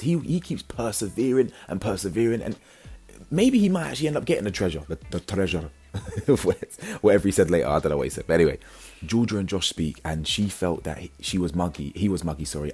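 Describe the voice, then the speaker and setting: A young man giving slangy, animated commentary on a reality show, jumping into high excited bursts. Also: fairly quick, breathy edge. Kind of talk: casual commentary.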